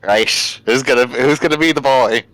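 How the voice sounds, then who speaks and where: An Irish man, a co-host on a gaming stream, chatting casually in a dry, measured way. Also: mid-range voice, a bit bright, poor audio. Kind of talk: casual chat while playing a game.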